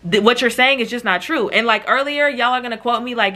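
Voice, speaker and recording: A woman telling a story in a casual vlog, animated and chatty, talking straight to her viewers. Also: fairly high pitch, fairly quick, few pauses. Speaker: vlogger.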